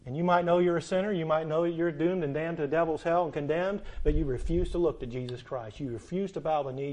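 A male pastor preaching a sermon to his congregation, with emphatic peaks and quiet pleading stretches, full of rhetorical questions and repeated phrases. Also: fairly high pitch, fast talker, hardly any pauses.

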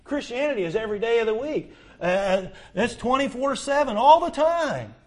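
A man's voice: very high voice, sing-song, normal speed, darkish tone. A middle-aged man preaching a sermon as pastor, building to emphatic peaks and asking the congregation repeated questions.

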